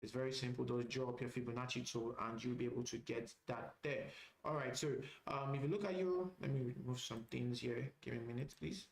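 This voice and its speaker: A man's voice: medium pitch, steady tone, fairly quick, creaky, reverberant, poor audio. A man teaching a live trading session, talking through charts casually and often repeating phrases with "all right" fillers. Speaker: trading instructor.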